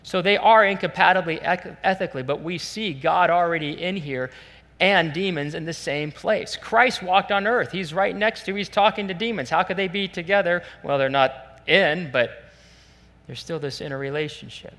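A man preaching a sermon as pastor, animated and acting out the voices he quotes. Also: high-pitched, normal speed. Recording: long church hall reverb.

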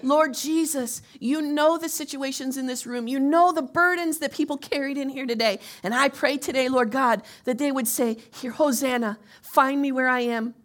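A woman pastor preaching and leading a congregation in prayer, swinging from soft, near-whispered lines to loud rallying shouts. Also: high voice, normal speed, hardly any pauses.

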